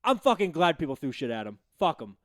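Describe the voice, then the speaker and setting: Lively high-voiced male co-host. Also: quick pace, dry recording, studio quality. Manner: animated, profane, laughs often. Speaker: podcast co-host. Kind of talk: casual sports talk.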